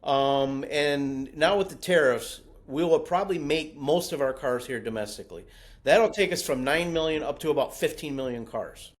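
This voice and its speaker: A man's voice: a little high, moderate pace. A man hosting a casual political chat, speaking steadily and backing up his points with figures. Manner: steady, backs up points with data, frequent agreeing.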